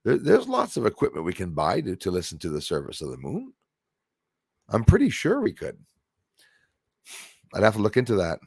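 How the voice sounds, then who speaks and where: A man with a low, gravelly voice chats casually on his own livestream, rambling and getting excited as he reads out and answers viewers' comments. The sound is close and dry, with no room echo. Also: normal speed, pauses often. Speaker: livestream host.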